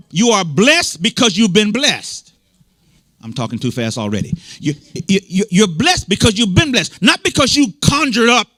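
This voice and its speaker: Casting note: American man, bishop, high bright voice, preaching with emphatic repetition and asides to the congregation. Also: no echo, clean studio sound. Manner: emphatic and repetitive, restating points and bantering with the congregation. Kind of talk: sermon. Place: church service. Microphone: microphone.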